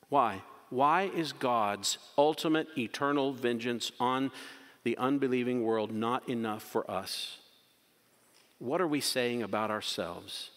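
Pastor, male, forceful bright delivery with passionate swings, church-hall reverb. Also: medium pitch. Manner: impassioned, swings from loud urgent questions to quiet emphasis. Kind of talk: sermon.

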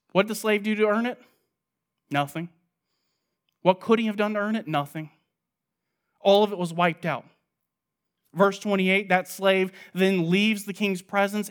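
A man preaching an expository sermon, asking rhetorical questions and answering them, moving between loud stress and quiet, low asides.

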